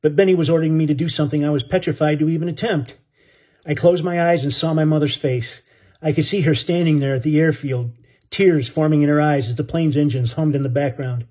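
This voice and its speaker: A man's voice: a little high, fairly even intonation, fairly quick, darkish tone, slightly rough. A man narrating an audiobook story in an earnest, dramatic way.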